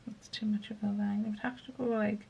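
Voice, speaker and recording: Chatty craft vlogger woman, gravelly edge. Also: medium pitch, little pitch movement, brisk, darkish tone, slight background noise. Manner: chatty, thinking aloud while working. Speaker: craft video host. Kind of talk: casual craft narration.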